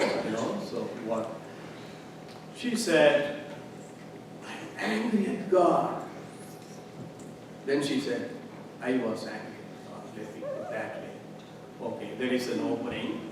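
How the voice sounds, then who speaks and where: A male pastor giving a conversational sermon, shifting between quiet storytelling and loud, emphatic passages. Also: medium pitch. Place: church sanctuary. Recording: echoey church from a distant mic with noise.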